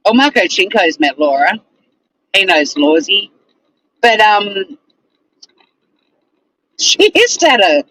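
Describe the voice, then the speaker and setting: Speaking slowly with frequent pauses, this woman has a mid-range, slightly bright, very animated voice, recorded at low quality. A streamer, she chats casually and responds to viewer comments. She rants bluntly, sounds exasperated, swears freely, and laughs often.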